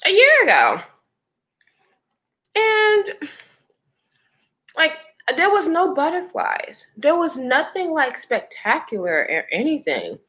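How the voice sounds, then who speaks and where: A woman with a high, bright voice tells a personal story to her live chat, her pitch swinging up and down as she goes. She talks loosely and chattily, calling her viewers girl and y'all and answering their comments along the way. The pitch leaps and lively rhythm keep the delivery animated. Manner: animated, with frequent laughter. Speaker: livestreamer.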